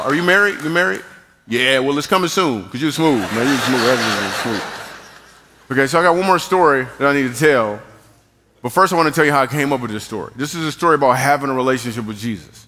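A man with a bright, forceful, mid-range voice speaks briskly to a live church crowd, joking around and ribbing the band between his stories. He's a church speaker and comedian, and the large auditorium adds a long hall reverb.

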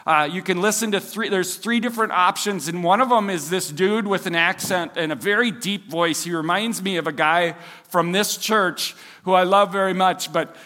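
A man's voice: high-pitched, moderate pace, pushed and bright, long reverb tail. A Minnesotan man preaching a sermon as pastor in a casual, chatty way, full of fillers and self-deprecating asides. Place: church service hall.

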